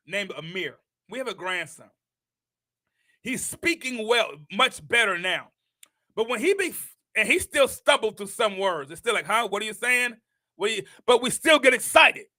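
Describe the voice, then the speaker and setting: An older man hosting a show, preaching a motivational message with impassioned repetition that rises into shouts. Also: extremely high pitch, no echo. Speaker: host.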